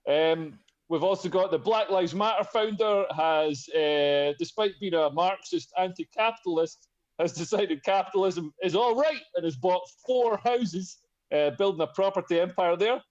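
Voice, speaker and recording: A man's voice: high-pitched, moderate pace, darkish tone. A man hosting a comedy podcast, rambling through topics in casual chat with lots of fillers and restarts. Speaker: podcast host. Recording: dull lo-fi sound.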